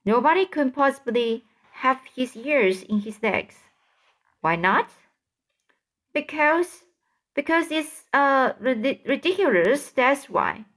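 A woman's voice: sits high, animated, slow, fairly bright tone, pitched above the performer's own voice, full character voice. A woman doing a curious small boy. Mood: eager. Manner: eager, stumbling over words.

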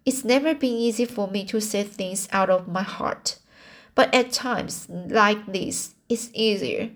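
A woman reading aloud and voicing a stern older woman softened by grief, speaking plainly and earnestly from a storybook. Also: mid-range voice, a little slow, close to an everyday voice. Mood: tender.

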